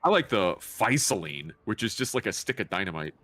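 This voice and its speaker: A man's voice: low-pitched, brisk. A young man chatting casually and joking while playing a video game with friends. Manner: lively, jokey, swings loud in surprise. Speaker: gamer co-player. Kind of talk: casual gaming banter.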